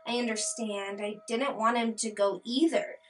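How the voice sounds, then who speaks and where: A woman voicing a worried middle-aged mother who speaks quietly and guardedly. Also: fairly high pitch, fairly even intonation, normal speed, far from the mic, soft background music, close to an everyday voice.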